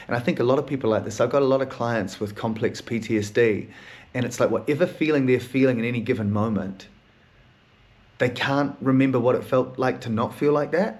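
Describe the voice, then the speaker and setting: Melancholy swearing podcast host, rambling. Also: male voice, mid-range voice, a little mellow. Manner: rambling, heavy swearing, laughs through sad talk. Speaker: therapist. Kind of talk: candid solo monologue.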